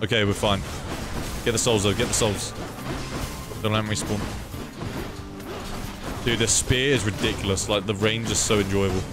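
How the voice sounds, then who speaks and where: A man's voice: on the low side, fairly even intonation, moderate pace, long pauses, loud music behind the voice. A young man streaming a game, chatting casually, swearing freely and reading chat aloud. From United Kingdom. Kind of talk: casual live gameplay commentary.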